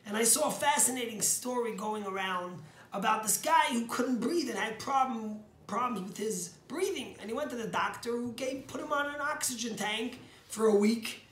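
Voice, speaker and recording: Earnest rabbi preaching in an echoey room. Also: male voice, extremely high pitch, normal speed, fairly bright tone. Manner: earnest storytelling, emphatic on key words. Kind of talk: short inspirational sermon.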